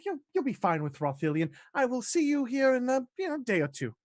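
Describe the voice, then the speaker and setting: A man voicing a fussy male courtier who is prim, mildly huffy and soft-spoken in a tabletop game. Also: very high voice, big pitch swings, fairly quick, no echo, studio quality, voice pushed up.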